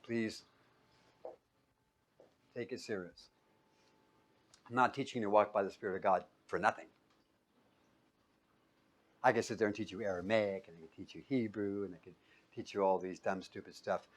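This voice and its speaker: A male pastor preaching a sermon, putting questions to his listeners and answering them himself, with sudden loud peaks and quiet, low asides. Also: steady tone, moderate pace, long pauses.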